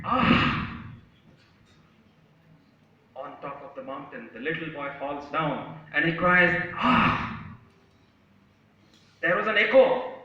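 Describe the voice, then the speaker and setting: A man's voice: a little high, pushed and bright. A man giving a motivational speech to an audience in a large hall, emphatic and repetitive, telling stories. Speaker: motivational speaker. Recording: echoey hall from far off, lo-fi.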